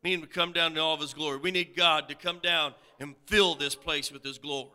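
A man preaching with a very bright, crisp voice pitched fairly high for a man. He reads scripture, says amen again and again, and climbs from soft talk to loud cries. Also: fairly even intonation, brisk, few pauses. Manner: builds from quiet talk to loud shouted pleading; repeats amen often. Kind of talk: sermon.

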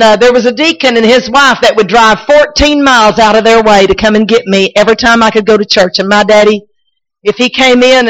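A woman's voice: on the high side, low-quality recording. Impassioned woman preacher. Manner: impassioned, shouting and crying out; folksy storytelling with repeats and restarts. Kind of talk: sermon with personal testimony.

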